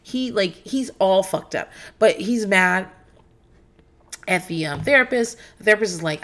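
A woman's voice: mid-range voice, lively intonation, moderate pace, fairly bright tone. A woman in her thirties or forties recapping reality TV in a candid, profane, rambling way, with frequent fillers. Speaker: podcast host.

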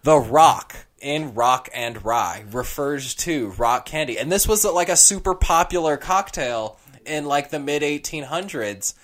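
A man co-hosting a casual chat, telling an animated story and slipping into character voices. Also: fairly high pitch, a little slow, few pauses. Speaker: podcast co-host.

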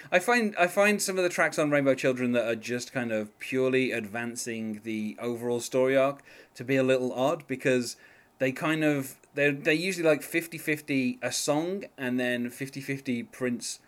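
A man's voice: mid-range voice, moderate pace, a bit bright. A man hosting a music podcast in casual chat, talking in a hesitant, rambling way with lots of fillers. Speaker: podcast host.

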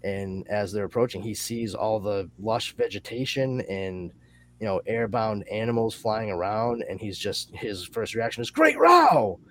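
A male podcast host chatting casually, summarizing a comic in a rambling, animated way with lots of fillers. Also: lowish voice, moderate pace, slight background noise. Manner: rambling and animated, with many fillers and excited asides.

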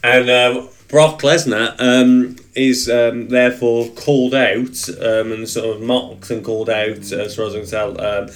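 A man's voice: mid-range voice, level tone, a little slow, hardly any pauses. Rambling man hosting a podcast. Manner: rambling, full of ums and restarts, joking. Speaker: podcast co-host. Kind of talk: casual chat.

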